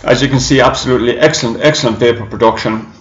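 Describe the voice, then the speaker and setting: A man's voice: mid-range voice, steady tone, fast. A man giving a casual, rambling product review, chatting and correcting himself as he goes. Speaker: e-juice reviewer. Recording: echoey room, dull lo-fi sound.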